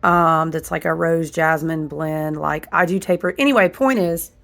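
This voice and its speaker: A chatty woman talking straight to her viewers in a low, gravelly voice. She is hoarse, her voice still on the mend, with a husky, smoky edge. Her delivery is animated and informal, full of asides to her audience. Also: normal speed. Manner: chatty, animated, says "y'all" and "listen" often. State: hoarse, voice recovering. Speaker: candle and ritual tool maker. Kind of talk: casual chat to camera.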